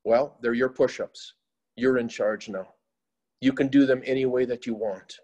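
A man voicing a kindly, grave male professor, speaking slowly and solemnly. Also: medium pitch, steady tone, darkish tone, highs cut off, natural voice. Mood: calm. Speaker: teacher.

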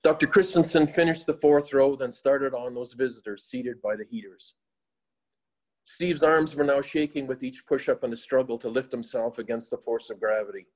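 Male narrator for a moral story; solemn, measured, middle pitch. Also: darkish tone.

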